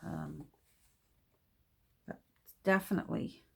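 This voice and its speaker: A woman's voice: deep voice, fairly even intonation, takes it slowly, vocal fry, background noise. A middle-aged woman from Canada chatting casually and rambling as she works on a handmade journal, often trailing off mid-sentence. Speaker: journal maker. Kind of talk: casual chat while crafting. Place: home craft table.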